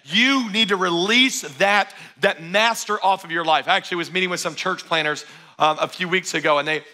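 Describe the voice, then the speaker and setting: A man preaching a sermon as pastor, energetic and emphatic, often repeating phrases for stress. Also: high voice, fairly quick. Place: church auditorium.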